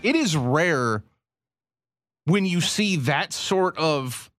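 A man co-hosting a radio show, chatting in an animated, excitable way and laughing often. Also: a little high, very slow, soft background music. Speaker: radio co-host. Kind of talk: casual radio sports talk.

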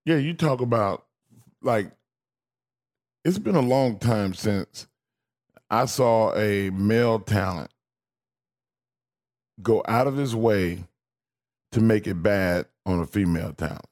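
Male radio co-host, lowish voice, wry storyteller, mock-outraged asides. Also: slow, pauses often, a little mellow. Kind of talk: casual radio sports talk.

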